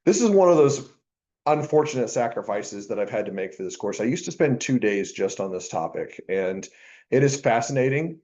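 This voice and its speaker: A man's voice: medium pitch, very animated, normal speed, dark tone, muffled recording. A man teaching a university accounting class in a classroom, chatty and joking, with many asides before he gets to the material. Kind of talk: classroom lecture. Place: lecture classroom.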